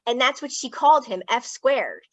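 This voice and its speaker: A woman's voice: fairly high pitch, expressive, moderate pace, no room sound. Frank, casual woman with a Philadelphia accent. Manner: emotional, tearful at times, frank and casual. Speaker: guest speaker, clinical psychologist. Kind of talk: candid personal storytelling.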